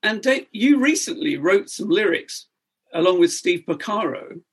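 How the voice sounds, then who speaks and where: A man's voice: sits high, animated, measured pace, breathy edge. A man co-hosting a podcast, asking hesitant, thoughtful questions. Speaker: podcast co-host. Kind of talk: casual podcast chat.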